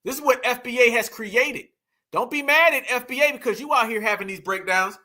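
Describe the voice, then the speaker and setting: A man's voice: very high-pitched, a little fast, bright, forceful tone. A man hosting a commentary vlog, speaking in a preachy, emphatic way with lots of slang, rallying his audience and mocking people with laughter. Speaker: host.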